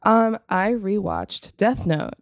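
A woman in her thirties co-hosting a podcast, chatting casually, excitable and laughing often. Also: mid-range voice, slow, no room sound, clean studio sound. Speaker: podcast co-host. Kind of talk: casual chat.

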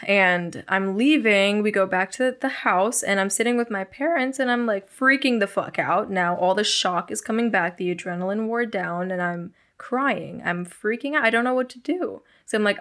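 A young woman, a guest in an interview, frankly recounting her past with blunt, profane, animated storytelling. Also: mid-range voice, normal speed.

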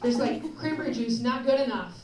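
An American woman telling a story on stage as stand-up, animated and laughing through her lines. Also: on the high side, fairly quick, heavy background noise. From United States. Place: live show before an audience. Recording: live venue, roomy, distant mic, loud crowd.

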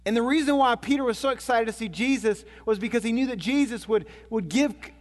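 A man preaching a sermon as a storytelling pastor, swinging from loud, excited passages to hushed, low ones. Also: fast talker, long reverb tail.

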